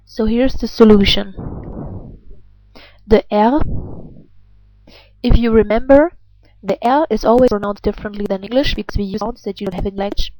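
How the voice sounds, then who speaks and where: A woman's voice: mid-range voice, steady tone, normal speed, long pauses, darkish tone, poor audio. A native German woman with a German accent, patiently explaining pronunciation step by step and asking the learner questions. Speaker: language teacher. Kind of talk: instructional explanation.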